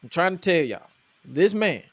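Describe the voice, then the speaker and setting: A man's voice: high-pitched, lively intonation, normal speed, no echo. A man hosting a podcast, recapping wrestling in a casual, joking, incredulous way. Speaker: podcast host.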